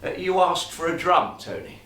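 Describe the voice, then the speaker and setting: A man's voice: on the high side, big pitch swings, normal speed, roomy sound, recorded from a distance, crowd noise. A man on stage voicing a mild, subdued working father. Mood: weary. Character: quiet, weary working father. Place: live stage show.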